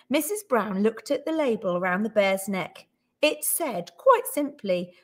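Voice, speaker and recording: A woman teacher reading a picture book aloud to children with clear, expressive storytelling. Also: mid-range voice, measured pace.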